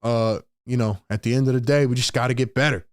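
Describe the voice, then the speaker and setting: A man mimicking a low-energy male athlete who mumbles flatly at a press conference, full of fillers. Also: fast talker, no echo, lightly acted. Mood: mumbling.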